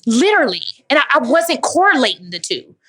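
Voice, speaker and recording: A woman's voice: high voice, big pitch swings, fairly quick, a bit bright. A woman from Dallas, Texas, answering audience questions in an emphatic, preachy motivational way, calling listeners "baby.". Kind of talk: motivational live Q&A talk.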